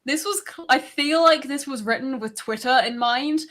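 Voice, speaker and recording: Bright, high-voiced woman joking. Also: moderate pace. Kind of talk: casual chat.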